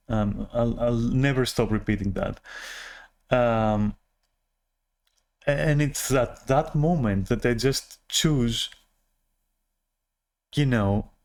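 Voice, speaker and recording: A man's voice: mid-range voice, a little mellow. A man vlogging a rambling personal rant, frustrated and profane, often restarting his sentences.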